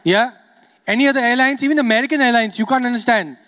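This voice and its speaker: A young adult man from Dubai works a stand-up crowd in a high, bright voice. He talks quickly and playfully, teasing audience members as he goes. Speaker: stand-up comedian. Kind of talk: stand-up comedy set.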